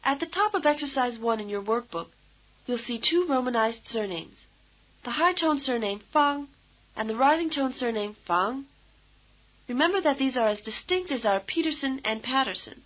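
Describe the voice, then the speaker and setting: A woman instructor giving measured, patient, scripted explanations in a language lesson. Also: high-pitched, animated. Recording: dull lo-fi old course tape.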